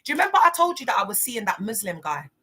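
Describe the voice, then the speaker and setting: Bright, slangy woman live-streaming. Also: a little high, very fast, husky. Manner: lively, slangy, talks straight to the chat with endearments; outspoken and emphatic. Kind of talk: casual live-stream chat with viewers.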